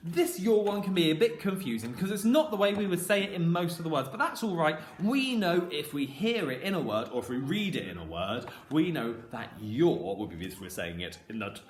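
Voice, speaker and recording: A man teaching a phonics lesson to young children with a regional English accent, sounding out words slowly and stretching each sound. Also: fairly high pitch, very animated. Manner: slow, drawn-out sounding out of words. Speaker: primary school teacher. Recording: roomy echo with faint noise.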